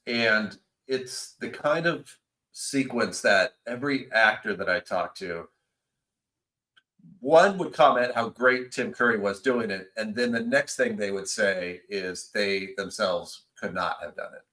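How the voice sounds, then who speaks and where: Bright, lively man hosting a podcast. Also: lowish voice, unhurried, low-quality recording. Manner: animated, enthusiastic, emphatic. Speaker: podcast host. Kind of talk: casual chat.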